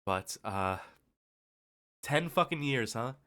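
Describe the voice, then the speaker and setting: A man's voice: mid-range voice, lively intonation, pushed and bright. A male stream host speaks in a loose, rambling way, swearing freely and stumbling through restarts. He sounds worn out and a bit emotional. His voice sits in the middle range for a man. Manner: heavy swearing, rambling, halting with many fillers. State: tired and emotional. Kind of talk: casual stream thank-you speech.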